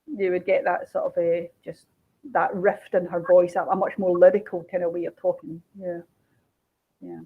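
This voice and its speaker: A woman, a crime author chatting casually in an interview, animated and laughing as she talks. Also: lowish voice, normal speed, husky. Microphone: video call. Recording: dull lo-fi video call audio.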